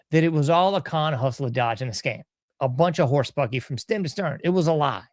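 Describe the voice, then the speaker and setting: Sarcastic folksy podcast guy, slightly high voice, dry close sound. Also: no echo. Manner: folksy, sarcastic, chuckles often. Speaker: podcast host. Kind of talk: casual political commentary.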